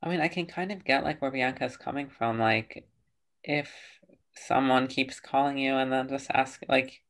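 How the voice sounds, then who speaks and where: Gravelly speaker chatting casually. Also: medium pitch, fairly even intonation, normal speed, a bit bright. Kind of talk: casual chat.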